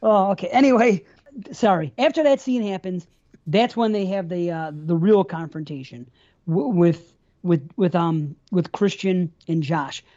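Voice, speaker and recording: Woman, co-host, mellow dark tone, swears a lot, rambles through scene recaps, slightly muffled recording. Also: on the low side, a little slow. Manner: profane, rambling, retells scenes at length. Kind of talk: casual film discussion.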